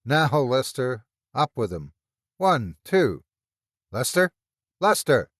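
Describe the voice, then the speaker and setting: A man voicing Meagle, a boisterous, teasing young man who grows sharp and urgent, in a read-aloud horror story. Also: medium pitch, sing-song, measured pace, no echo, studio quality. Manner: hearty, teasing, rising to sharp.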